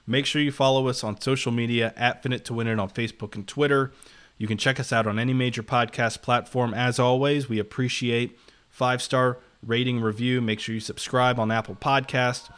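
A man's voice: medium pitch, steady tone, fairly quick, a bit bright, smooth. A man co-hosting a casual sports podcast, his voice nasal and congested from being ill, upbeat as he plugs upcoming episodes. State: congested from illness. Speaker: podcast co-host.

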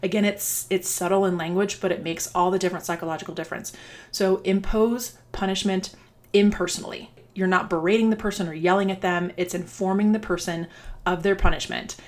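A woman's voice: fairly low pitch, fairly even intonation, fairly quick. A woman dance coach giving earnest, conversational advice to other coaches. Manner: earnest, conversational, restarts and fillers. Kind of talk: instructional talk to coaches.

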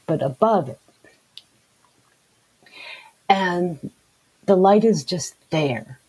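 A woman tells her story as an interview guest, earnest and halting, and often circles back to repeat words. Her voice is very husky and breathy. She speaks slowly in a lowish register. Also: a little mellow, low-quality recording. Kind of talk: personal testimony in conversation.

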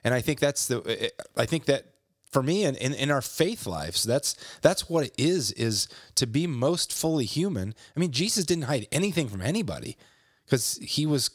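A man talking earnestly about faith, reading a passage aloud and then reflecting on it in measured phrases. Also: medium pitch, big pitch swings, no room sound, studio quality. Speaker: podcast co-host. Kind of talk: faith-based reflective talk.

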